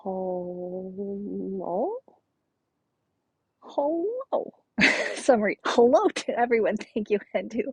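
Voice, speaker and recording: A young woman game streamer chatting casually and excitedly, gushing greetings to her viewers with a breathy voice. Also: mid-range voice, takes it slowly, long pauses, no room sound, soft background music, low-quality recording. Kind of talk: casual live-stream chat.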